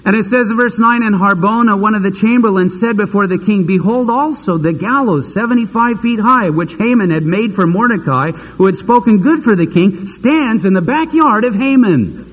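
A man's voice: sits high, expressive, moderate pace, few pauses, husky, big-room sound, low-quality recording. A man preaching a sermon, retelling a scripture story dramatically and acting out the characters' voices.

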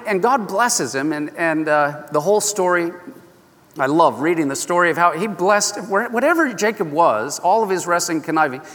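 A man preaching a sermon, telling a scripture story in an animated, folksy way that often breaks off mid-phrase. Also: sits high. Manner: animated, folksy, self-interrupting. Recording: long echo of a large hall.

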